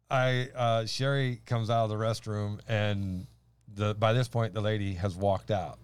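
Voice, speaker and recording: A man's voice: fairly low pitch, steady tone, normal speed, clear, resonant tone, no room sound. A man co-hosting a faith chat, telling a story with lots of laughter and restarts. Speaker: podcast co-host.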